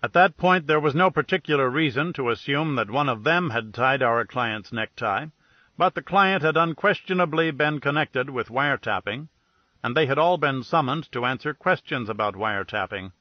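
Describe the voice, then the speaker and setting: A man's voice: mid-range voice, animated, normal speed, no echo. Wry male audiobook narrator, dry read. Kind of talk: scripted narration of a detective novel. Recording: dull, dry studio read.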